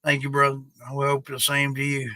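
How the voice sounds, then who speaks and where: A man's voice: medium pitch, monotone, bright, forceful tone, no echo. A man hosting a casual live stream, rambling and swearing freely as he chats with viewers. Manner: rambling, profane, drawn-out.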